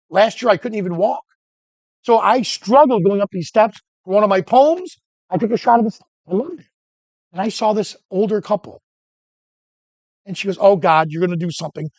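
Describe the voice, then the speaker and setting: A man teaching photography who tells animated, joking stories and keeps breaking off and restarting his sentences. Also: sits high, vocal fry, dry recording. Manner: animated anecdotes, self-interrupting, joking. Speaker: photography instructor. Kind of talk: storytelling during a workshop lesson.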